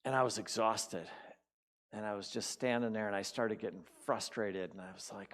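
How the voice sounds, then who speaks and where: A man's voice: on the low side, fairly even intonation, moderate pace, a bit bright. A man giving a conversational sermon at a spiritual community, telling personal stories in a casual way and repeating words for emphasis.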